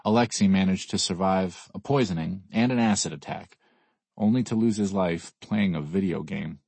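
A man narrating an audiobook in the first person, in a weary, brooding, even manner. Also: low-pitched, breathy edge, dry recording.

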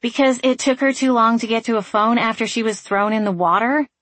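A narrator doing a feisty small-town woman in a storybook, pushing her point hard, higher and louder than the narration. Her voice sounds close and dry. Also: steady tone, brisk, no echo. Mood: indignant. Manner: forceful, indignant, insistent. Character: outspoken, determined small-town young woman.

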